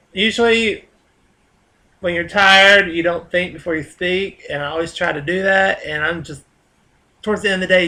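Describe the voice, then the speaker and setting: A man's voice: high-pitched, sharp tone. A man with a Southern US accent, rambling casually in a vlog monologue, chatty and full of fillers and restarts. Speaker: vlogger.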